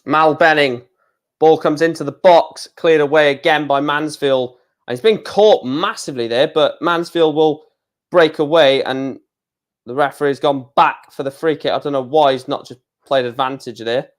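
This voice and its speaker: A man hosting a live football watch-along, calling the play with fillers and erupting into shouts at big chances and goals. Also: on the high side, normal speed. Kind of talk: live football match commentary and reaction.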